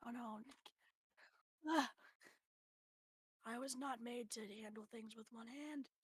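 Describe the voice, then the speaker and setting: Woman streamer, higher husky voice, chatty and profane, slips into whispers, dry close sound. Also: slow, no echo. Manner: chatty, swears freely, drops into whispered asides. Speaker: livestreamer. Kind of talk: casual stream chat while gaming. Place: home computer setup.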